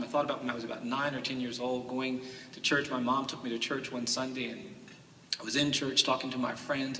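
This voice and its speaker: At a summit, a lawyer with a medium-pitched, sharp voice gives an earnest speech built around storytelling, repeating phrases and stacking them into emphatic cadences. A distant mic captures the echoey hall, with slight background noise.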